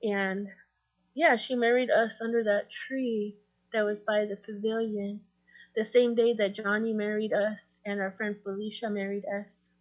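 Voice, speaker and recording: A woman giving a memorial tribute over a video call, speaking gently with pauses and restarts. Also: mid-range voice, little pitch movement, muffled recording. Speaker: mourner giving a eulogy.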